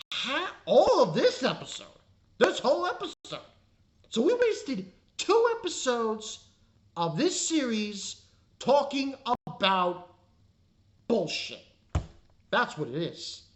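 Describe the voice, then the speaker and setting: An exasperated woman tears into an anime episode in a casual spoken review. Her voice leaps up and down as she vents, swearing freely and sounding fed up. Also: fairly high pitch.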